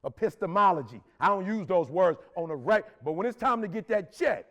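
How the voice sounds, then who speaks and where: A middle-aged motivational speaker from Detroit, Michigan, USA, gives an urgent, preachy speech to a live audience, using slang and repeating lines for emphasis. His voice is high-pitched and a bit bright, with lively intonation and a brisk pace.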